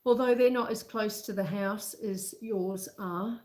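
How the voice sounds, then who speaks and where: A woman's voice: mid-range voice, a little slow, darkish tone, roomy sound, poor audio. A woman homesteader chatting casually with viewers of her live cooking stream as she bakes and tidies up in her home kitchen, talking them through each step in a homely way. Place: home kitchen with a wood stove.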